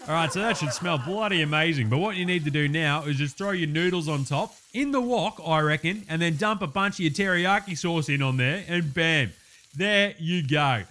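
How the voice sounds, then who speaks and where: A man putting on a loud, boorish Australian bloke who hosts a cooking show, talking with brash, crude swagger and an Australian accent. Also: on the high side, normal speed. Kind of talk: comedy sketch.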